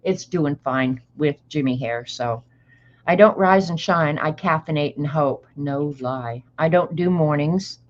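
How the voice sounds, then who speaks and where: A woman's voice: sits low, a little slow, muffled recording. An older woman hosting a livestream, chatting casually with viewers and reading aloud with dry, sarcastic asides. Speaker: livestream host.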